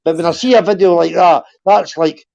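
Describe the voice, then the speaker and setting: A man's voice: sits high, steady tone, a little fast, creaky, darkish tone. Hot-headed Scottish man in his fifties. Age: 50s. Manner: hot-tempered, blunt, swears a lot. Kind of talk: heated casual chat. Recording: dull lo-fi stream audio.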